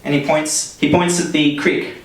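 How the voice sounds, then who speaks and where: A man's voice: a little high, little pitch movement, normal speed, recorded from a distance. Chatty young man telling a story. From Canada. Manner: casual and chatty, lots of fillers, laughs through his own story. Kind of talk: live personal storytelling to an audience. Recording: echoey room, heard from off the mic.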